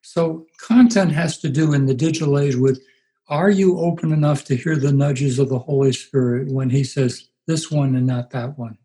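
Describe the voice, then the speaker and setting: A man in his eighties, a pastor being interviewed, telling stories in an unhurried, reflective way. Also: fairly high pitch, dark tone, rough recording. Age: 80s. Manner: unhurried, anecdotal, puts on voices for quoted people. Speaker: guest, pastor.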